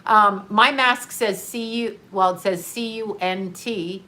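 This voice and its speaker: A woman talking casually on a live stream, animated and sarcastic, often breaking into laughter. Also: mid-range voice, slow pace.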